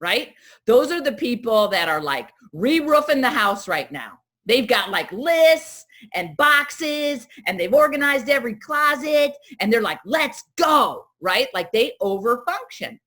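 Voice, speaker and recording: A middle-aged woman presenting at a parent wellness event, telling stories and acting out the voices of the people in them. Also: moderate pace. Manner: animated, acts out quoted voices with big jumps in pitch. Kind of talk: lively talk with acted-out scenes.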